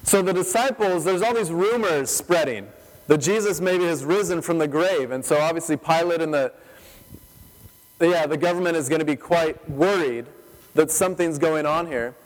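A man preaching a sermon, retelling scripture as a lively story full of rhetorical questions. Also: fairly high pitch, moderate pace, long reverb tail, rough recording. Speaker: pastor.

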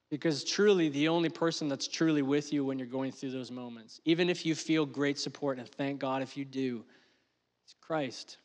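A middle-aged male pastor preaching a sermon, swinging from loud emotional peaks down to soft, quiet lines. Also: sits high. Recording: long hall reverb.

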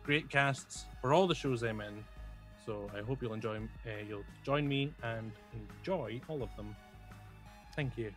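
A man streamer thanks viewers and plugs his channels at the end of a role-play stream, speaking in a measured, friendly way. His pitch is a plain mid range, with loud music behind him. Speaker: player and streamer. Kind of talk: sign-off shout-outs.

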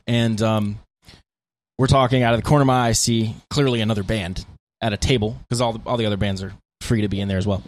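An American man who plays guitar in a band co-hosts a podcast, telling tour stories in a laid-back, casual chat full of fillers. His voice is fairly low and steady, and he talks fast.

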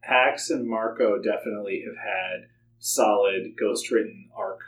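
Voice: low voice, unhurried. A podcast co-host chatting casually and teasing the others. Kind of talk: casual chat. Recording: echoey room with faint hum.

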